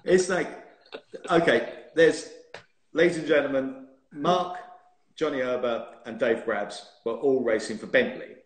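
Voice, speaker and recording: A former racing driver in his fifties spins a yarn on a live video chat, laughing and teasing his friend as he goes. His voice sits at an ordinary middle pitch for a man. The sound bounces around a bare room picked up by a phone mic. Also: unhurried, reverberant. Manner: lively storyteller who laughs and teases. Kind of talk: casual chat on a live stream. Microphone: phone or laptop mic on a video stream.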